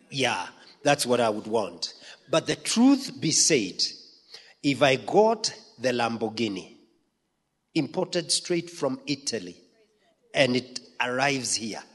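A man preaching a sermon, emphatic, swinging from loud peaks to quiet asides. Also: mid-range voice, husky. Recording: long hall reverb.

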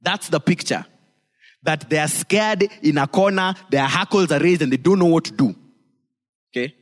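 A male pastor preaches in a lively, joking manner, slipping into little acted voices. His voice sits a touch high for a man. A long hall reverb trails after each phrase. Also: normal speed. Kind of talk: sermon.

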